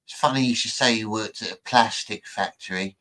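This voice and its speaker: Low, rambling streamer. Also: male voice, brisk, pushed and bright, slight background noise, rough recording. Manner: rambling, jokey and boastful. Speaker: streamer reacting to clips. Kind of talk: casual chat.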